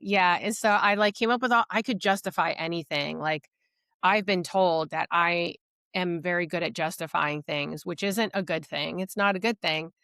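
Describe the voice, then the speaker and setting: A woman's voice: lowish voice, fairly bright tone, smooth, no echo, studio quality. A woman guest on a podcast, telling her own story candidly and reflectively, with many fillers. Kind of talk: personal storytelling.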